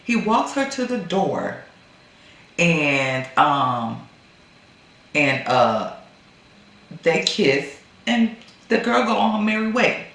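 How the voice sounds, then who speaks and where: Animated woman recapping a movie, echoey room. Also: on the low side, slow pace, pauses often. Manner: animated storytelling, acts out characters' lines. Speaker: movie reviewer.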